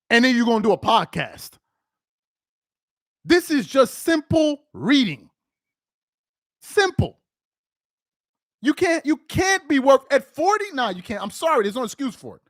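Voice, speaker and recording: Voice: medium pitch, no echo, studio quality. A livestream host giving live reaction commentary, emphatic and repeating phrases for effect.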